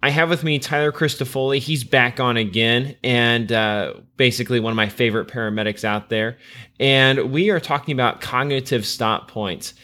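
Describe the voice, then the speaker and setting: An American man hosting a podcast, who guides the conversation in a relaxed, chatty way. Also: medium pitch, moderate pace. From United States. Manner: conversational, guiding the discussion. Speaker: podcast host.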